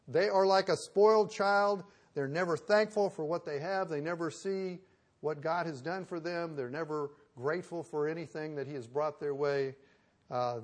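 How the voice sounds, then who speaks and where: A man preaching a sermon in a conversational way, asking rhetorical questions and swinging from loud emphasis to soft asides. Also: on the high side.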